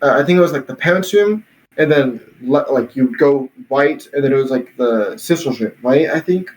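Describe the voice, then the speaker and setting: A man's voice: mid-range voice, animated, moderate pace, darkish tone, slight background noise, poor audio. A young man hosting a casual podcast, telling a story in a rambling way full of restarts and laughs. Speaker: podcast host.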